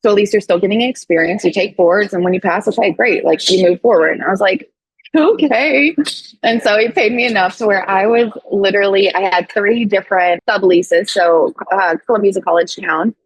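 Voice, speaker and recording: Husky woman telling a candid story. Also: mid-range voice, brisk, hardly any pauses, dry recording, rough recording. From St. Louis, USA. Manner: animated, acts out quoted dialogue with swearing and laughs. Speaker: guest, associate doctor.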